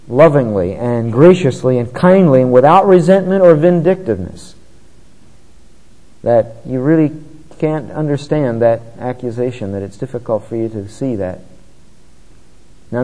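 A man's voice: medium pitch, mellow, long reverb tail, low-quality recording. A man preaching a sermon in an earnest, conversational way, often rising in emphasis.

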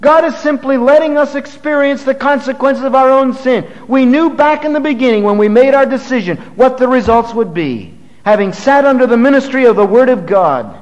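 A man's voice: very high voice, lively intonation, fairly quick, hardly any pauses, big-room sound, muffled recording. A male pastor preaching a sermon, reading scripture aloud and building to emphatic, rising passages.

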